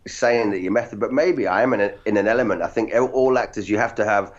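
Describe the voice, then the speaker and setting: A man, an actor guest, telling animated, self-deprecating stories in casual interview chat. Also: fairly low pitch, fast talker. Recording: dull lo-fi audio.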